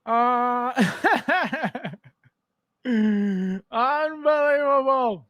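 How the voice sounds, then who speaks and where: A man's voice: extremely high pitch, drawn-out words, fairly bright tone, no room sound, highs cut off. A man hosting a casual collectibles livestream, joking and teasing viewers by name. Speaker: podcast host.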